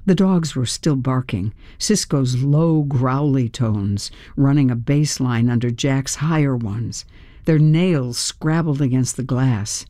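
A woman narrating a first-person audiobook in a measured, expressive, tense storytelling manner. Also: rumbling low, no room sound, clean studio sound.

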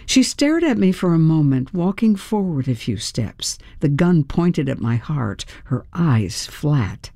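A woman reads a first-person thriller aloud, slow and deliberate, her pitch moving widely to carry the tension. Her tone is dark and mellow, and the recording is close and dry. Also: husky, no room sound. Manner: measured, expressive, tense storytelling. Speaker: audiobook narrator. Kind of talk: first-person audiobook narration.

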